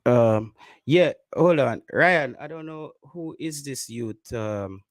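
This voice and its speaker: A man's voice: mid-range voice, animated, takes it slowly, no room sound. A man with a Jamaican accent co-hosting a casual live stream, reading viewer comments aloud, repeating himself and slipping into patois.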